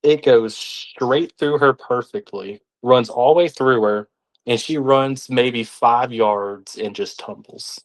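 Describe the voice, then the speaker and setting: A young man, telling stories as a podcast guest in an animated way, sometimes acting out the voices of others. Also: medium pitch, takes it slowly. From Arkansas, United States. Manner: animated, acts out quoted voices. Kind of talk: casual storytelling.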